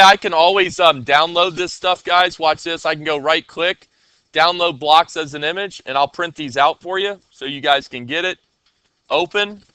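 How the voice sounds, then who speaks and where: A man with a very bright, clear voice teaches a coding class in a casual way. He keeps checking that the students are with him. The sound is dry and close. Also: fairly high pitch, no room sound.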